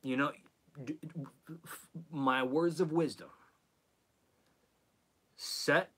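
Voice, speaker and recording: A man's voice: fairly high pitch, fairly even intonation, extremely slow, pauses often, fairly bright tone. A man with a head cold, hosting a live stream in a rambling, self-mocking, chatty way. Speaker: host.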